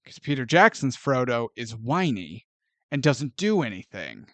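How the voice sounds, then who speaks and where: A man co-hosting a casual film review podcast, laughing often and talking with lively energy. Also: medium pitch, a little slow, dry recording. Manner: animated, laughing often, acting out characters' lines. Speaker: podcast co-host.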